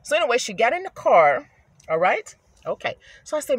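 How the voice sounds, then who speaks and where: A woman in her fifties telling a casual story to her viewers from inside her car, chatty and animated. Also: fairly high pitch, a little fast, husky, no echo. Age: 50s. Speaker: rideshare driver vlogger.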